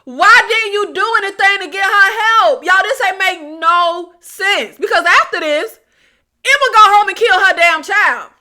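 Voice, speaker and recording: A high, bright woman's voice, talking straight to her viewers as she recaps a show. She speaks in a casual, animated way, often exasperated and calling out to "y'all.". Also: unhurried. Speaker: TV recap vlogger. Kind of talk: casual review vlog.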